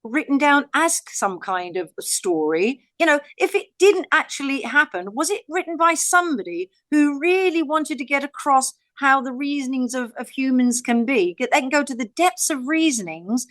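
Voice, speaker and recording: High-voiced reflective woman, Bible chat. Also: animated, normal speed, hardly any pauses, fairly bright tone, no room sound. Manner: reflective, wondering aloud, dry sarcastic asides. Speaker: podcast co-host. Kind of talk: casual Bible discussion.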